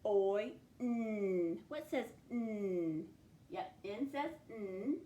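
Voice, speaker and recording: A woman's voice: mid-range voice, animated, mellow, dull audio, slight background noise. A woman teaching a phonics spelling lesson, stretching out each sound of a word as she dictates it. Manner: slow, stretched sounding-out of words. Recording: echoey room with faint ambience.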